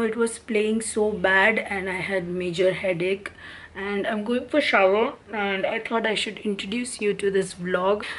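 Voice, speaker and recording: A woman's voice: mid-range voice, poor audio. A woman, chatting casually to the camera in a home vlog. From India. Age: 30s. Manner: chatty, confiding, talks to camera. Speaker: vlogger. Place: home, bathroom.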